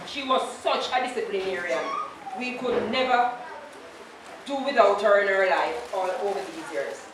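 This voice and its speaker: A woman's voice: medium pitch, moderate pace. Jamaican woman giving a eulogy in an echoing church. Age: 50s. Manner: anecdotal storytelling, slips into patois quotes. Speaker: eulogist, daughter of the deceased. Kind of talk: funeral eulogy. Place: large church. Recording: echoey church, distant and noisy.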